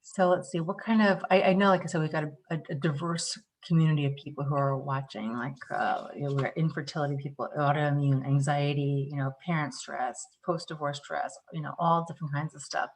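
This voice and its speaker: Woman from the US Northeast, lower voice, lively workshop instructor, chatty. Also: fairly quick, hardly any pauses. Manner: animated, acts out little scenes, chatty. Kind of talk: live online workshop talk.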